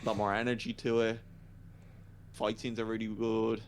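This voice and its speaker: A man's voice: on the low side, monotone, moderate pace, slight background noise. A man co-hosting a podcast, chatting casually and emphatically about movies and repeating his points. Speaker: podcast co-host. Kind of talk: casual movie review chat.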